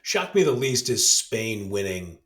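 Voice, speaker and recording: A man's voice: lowish voice, very animated, measured pace, a bit bright, roomy sound. A man co-hosts a casual sports podcast in an easygoing way. He gives his opinions loosely, laughs along and swears now and then, like a friend chatting about a game. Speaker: podcast co-host.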